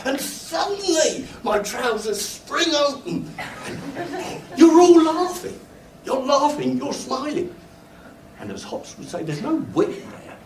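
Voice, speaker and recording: An older British man giving a university lecture, animatedly telling stories and acting out his own embarrassed asides. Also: very high voice. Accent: British English. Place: lecture hall. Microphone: room recording from a distance. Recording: echoey lecture hall, distant mic, faint noise. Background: student laughter.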